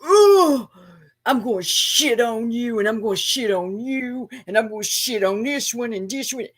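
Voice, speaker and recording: A woman putting on a shrill, whiny voice to mock a boastful man who brags about roasting people. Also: animated, moderate pace. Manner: shrill mocking whine.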